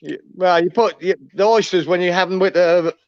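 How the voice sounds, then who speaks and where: A man's voice: sits high, fairly even intonation, normal speed, highs cut off. A jokey man in a casual chat who teases the others and swears.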